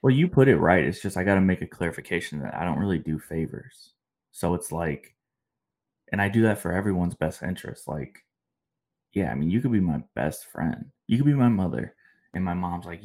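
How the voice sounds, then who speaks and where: Deep-voiced laid-back male podcast host. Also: expressive, brisk, creaky, darkish tone. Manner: laid-back, rambling storytelling with slangy asides. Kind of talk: casual chat.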